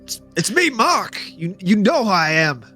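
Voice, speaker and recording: A man's voice: high voice, very animated, moderate pace, pushed and bright, soft background music, voice pushed up, exaggerated voice. A man voicing a confused, drunk, portly middle-aged man who stammers and whines. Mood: pleading. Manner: stammering, slurred and whiny.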